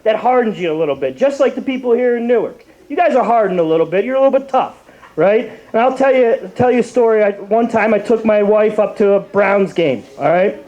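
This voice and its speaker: A man's voice: sits high, animated, a little fast, a little mellow, muffled recording. A young man from Cleveland doing a rambling open mic stand-up set, full of fillers and restarts. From Cleveland, Ohio.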